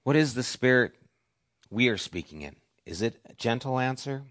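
A middle-aged man preaching a sermon as pastor, who swings between loud, emphatic lines and soft whispers. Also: mid-range voice, animated, moderate pace. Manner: varies volume, dropping to soft whispers for emphasis.

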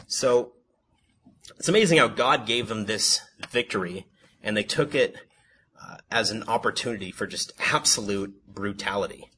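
A man's voice: on the low side, lively intonation, normal speed, bright, forceful tone, a little hiss or hum. A man reading Bible passages aloud and commenting on them, correcting himself and stammering with fillers as he talks. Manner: reads plainly, self-corrects, stammers with fillers. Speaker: Bible teacher.

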